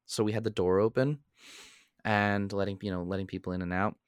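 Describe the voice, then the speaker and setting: A young man and podcast co-host telling a story in a casual, animated way. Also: brisk, clean tone, no echo. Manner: animated storyteller, jumps into high voices when quoting.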